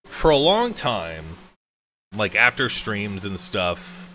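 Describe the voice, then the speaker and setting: A man streamer speaking candidly and hesitantly, with many pauses and fillers. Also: on the low side, sing-song, sharp tone, a little hiss or hum. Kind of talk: candid personal talk on stream.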